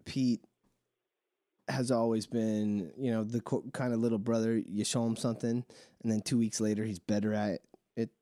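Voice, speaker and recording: A man hosts a relaxed podcast chat with a mellow, dark tone. He talks frankly and crudely and laughs often. The sound is dry and close. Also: lowish voice, normal speed, dry recording. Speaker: podcast host. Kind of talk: casual chat.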